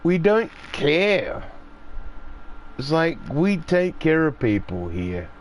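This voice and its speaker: An Australian man with a somewhat high, sing-song voice chats slowly and casually on a gaming stream, rambling through stories, swearing freely and acting out voices. There's a little hiss or hum in the audio.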